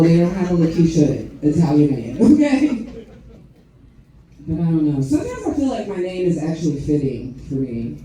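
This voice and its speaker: A woman doing a stand-up comedy set, teasing the crowd with punchy, animated delivery on a club stage. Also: sits low, recorded from a distance. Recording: echoey club recorded from afar.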